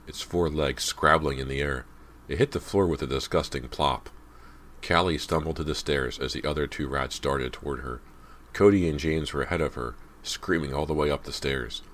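A man with a very deep voice narrates a horror audiobook. His storytelling is steady and measured.

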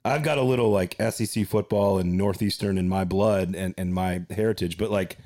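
Podcast host guy, lowish voice, rambly and chatty, pokes fun at himself. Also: a little fast, a little mellow. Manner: chatty, self-deprecating, rambling restarts. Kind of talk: casual podcast chat.

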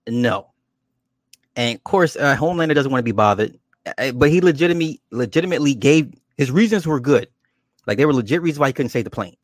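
A man's voice: mid-range voice, animated, fast, no echo. Rambling man retelling a show, casual. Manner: rambling, repeats words, swears. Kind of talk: casual chat.

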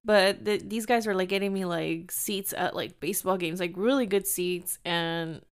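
A young woman casually telling a dating story, chatty and full of "like", acting out quoted lines in a higher voice. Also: steady tone, normal speed, clear, resonant tone. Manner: chatty, fillers "like" constantly, acts out quotes in higher pitch. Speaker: storyteller sharing dating experiences.

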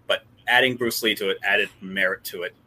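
A man talking in a casual panel discussion, halting and restarting his sentences. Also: lowish voice, steady tone, bright, forceful tone. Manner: halting, restarts often, laughs easily.

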